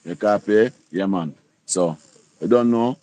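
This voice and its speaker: A Jamaican-accented man in his sixties hosts a livestream, chatting casually and often asking "you see?" and "you copy?". His voice is mellow and fairly low, delivered at a measured pace.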